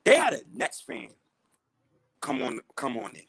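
A man with a gravelly, husky voice co-hosts a casual sports podcast, sounding heated and joking as his pitch jumps around animatedly. He speaks at a measured pace, and the low-quality recording has no room sound.

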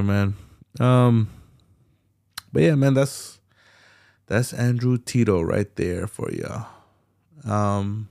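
A man's voice: lowish voice, gravelly, darkish tone, dry recording, clean studio sound. A young man hosting a solo podcast late at night, ranting bluntly with heavy profanity and slang. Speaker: podcast host.

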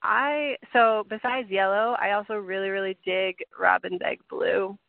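Giggly, upbeat woman with a gravelly edge. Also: mid-range voice, steady tone, unhurried, no echo. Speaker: podcast guest, teacher. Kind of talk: casual chat. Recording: dry, phone-like sound.

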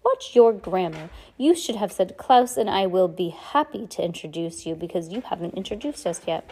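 A woman's voice: lowish voice, lively intonation, normal speed, mellow, breathy edge. A woman reading aloud as a fussy, anxious guardian aunt who is prim about grammar.

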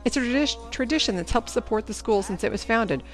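A woman voicing a stern female junior high teacher who gives brisk, commanding instructions to her class in a storybook reading. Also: lively intonation, faint music behind.

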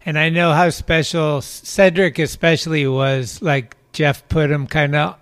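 A man hosting a casual interview, relaxed and low-key, with short replies. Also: a little slow, smooth, no room sound, studio quality. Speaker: podcast host.

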